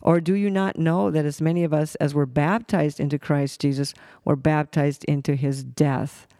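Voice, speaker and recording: A man with a gravelly, fry-edged voice teaches scripture conversationally, stumbling over words and circling back as he reads verses aloud. His voice sits a little on the high side for a man. The sound is dry and close, with no room echo. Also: fairly even intonation, mellow. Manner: halting, with many restarts and fillers. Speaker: Bible teacher.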